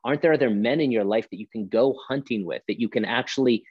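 A man's voice: medium pitch, fast, breathy edge, dry recording, dull audio. A man speaking as a pastor on a podcast, emphatic and preacherly, driving his point with rhetorical questions. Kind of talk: podcast conversation.

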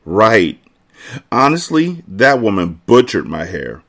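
A man's voice: on the low side, very animated, slow, gravelly, a bit bright, exaggerated voice. A man voicing a snooty, sophisticated rich teenage girl in a storybook reading, haughty and dismissive. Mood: disdainful.

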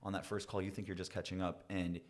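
A man's voice: deep voice, flat delivery, fast talker. A man hosting a podcast, chatting casually in an upbeat, motivational way about mindset. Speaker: podcast host. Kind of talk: casual chat.

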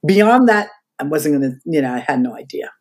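A fairly quick, low-voiced older woman tells interview stories as a podcast guest. She's animated and slips into the voices of the people she's quoting while recounting past events.

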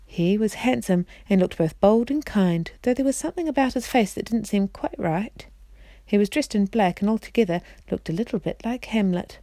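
A woman reading a children's novel aloud, steady, with small slips and restarts. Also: mid-range voice, dry recording. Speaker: reader.

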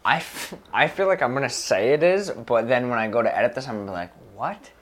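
A man's voice: mid-range voice, big pitch swings, fast talker. A man co-hosting a podcast while drunk, laid-back and swearing casually. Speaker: podcast co-host. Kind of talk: casual chat.

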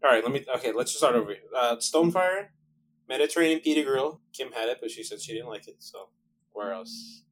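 Man, podcast guest, rambling, laughs a lot, middle pitch. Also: expressive, a little fast, slight background noise, poor audio. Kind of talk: casual chat.

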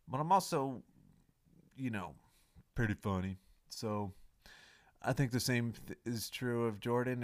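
Self-mocking man rambling a podcast intro. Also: fairly low pitch. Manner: self-mocking, melodramatic swings between mumbling and loud pleading. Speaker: podcast host.

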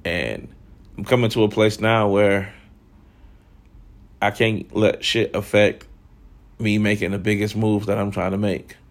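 A man's voice: fairly low pitch, steady tone, measured pace, pauses often. A man in his thirties hosting a candid personal monologue, frank and reflective, swearing freely and saying "like" a lot. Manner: frank, profane, reflective, lots of filler "like". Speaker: host.

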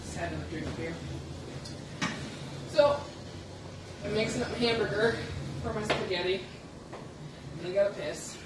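A woman rambles through a casual podcast monologue at home, blunt and freely profane. Her voice sits back from the mic in an echoey kitchen, with clear noise underneath. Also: on the low side. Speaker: podcast host. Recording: echoey room, far from the mic, noisy.

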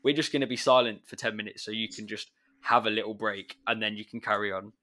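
Bright-voiced chatty man. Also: fairly low pitch, fast. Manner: chatty, animated when retelling pupils. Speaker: secondary school maths teacher. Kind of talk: casual chat.

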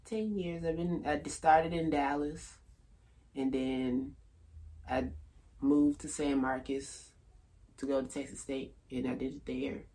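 A man in his thirties, a stand-up comedian chatting on a podcast, laid-back and halting, laughing often. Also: medium pitch, little pitch movement, warm tone. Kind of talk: casual podcast chat.

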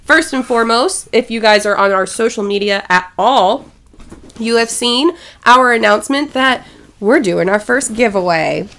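A woman co-hosting a casual podcast, giggly and excitable. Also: mid-range voice. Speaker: podcast co-host.

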